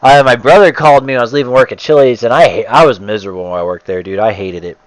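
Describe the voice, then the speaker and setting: A man's voice: medium pitch, rapid-fire, no room sound, rough recording. A man chatting casually, rambling with lots of "like" and swearing easily. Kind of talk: casual chat.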